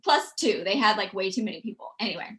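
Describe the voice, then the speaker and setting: A woman, telling stories as a podcast guest in a chatty, animated way. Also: mid-range voice, fast. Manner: chatty, animated, quotes people in acted voices. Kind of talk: casual storytelling.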